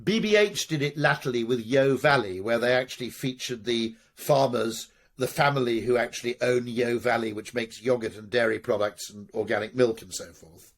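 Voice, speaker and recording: Medium in pitch and speaking at normal speed with few pauses, a middle-aged man fields interview questions as a marketing executive guest. He tells discursive, wry stories, restarting often, wandering into asides, and occasionally swearing.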